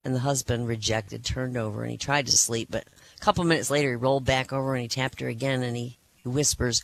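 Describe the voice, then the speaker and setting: A joke teller telling folksy joke stories to a small group in a relaxed, animated way. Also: mid-range voice, fast talker, vocal fry, a little hiss or hum. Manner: animated storyteller who laughs at their own punchlines.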